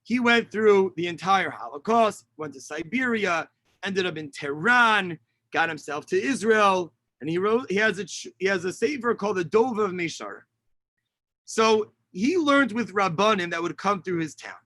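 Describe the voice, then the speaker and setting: Male rabbi, animated storyteller teaching on a video call; high, dry voice. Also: moderate pace, no echo. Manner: animated storyteller, sprinkles Hebrew and Yiddish terms. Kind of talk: teaching a lesson with a retold story.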